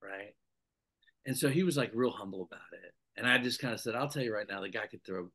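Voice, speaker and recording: In a relaxed podcast interview, a middle-aged guest who was once a sports anchor tells lively stories, acting out the people he quotes. His voice is on the low side, and he talks a little fast.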